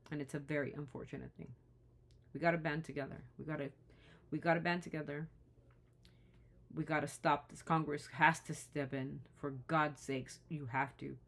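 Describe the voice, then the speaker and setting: A woman's voice: low voice, creaky. A woman talking straight to the camera in an impassioned vlog, indignant and pleading, often restarting her sentences. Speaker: vlogger.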